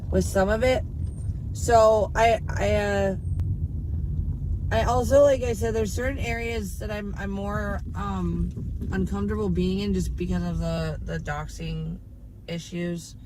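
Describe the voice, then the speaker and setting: A woman's voice: medium pitch, fairly even intonation, a little slow, background noise. A woman chatting casually on a livestream, rambling and talking to her dog.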